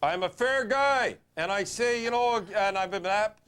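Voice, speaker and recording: A man giving blunt, opinionated, fast-talking hockey commentary in a TV studio segment. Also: high voice, fairly bright tone, smooth.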